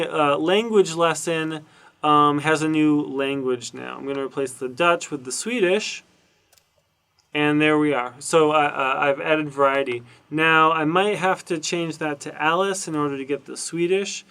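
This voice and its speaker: A man lecturing informally over a screen recording, his voice sitting a little high for a man. He thinks out loud as he goes, with plenty of ums, uhs and restarted phrases. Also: a little slow, clean tone. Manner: thinks aloud with many fillers and restarts. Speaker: university lecturer. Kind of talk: casual recorded lecture walking through documentation.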